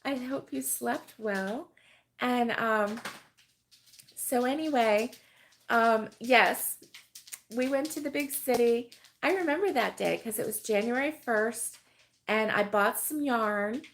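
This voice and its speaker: Speaking slowly in a slightly high voice, a middle-aged American woman hosts a crochet live stream, chatting casually. She rambles with lots of fillers and laughs often while going through viewer comments, with a little hiss or hum in the background.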